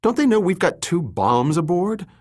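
A man reading a tough, sharp-tongued young woman in an audiobook, pitched well above his own voice. She talks bluntly, with a raised, exasperated edge. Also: very animated, normal speed. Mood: indignant. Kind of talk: audiobook character voice.

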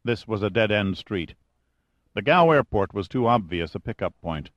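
Man, audiobook narrator, low voice, steady thriller reading, dry close sound, slightly dull lo-fi. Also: normal speed, no room sound.

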